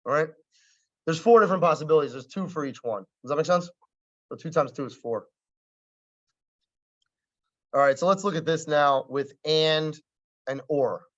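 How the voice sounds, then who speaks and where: A man teaches a math class on logic in a relaxed, conversational way, with wry asides and frequent checks that students follow along. His voice sits a little high for a man. The recording is dull and lo-fi, as if captured in a classroom. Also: moderate pace, pauses often. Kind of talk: classroom lecture.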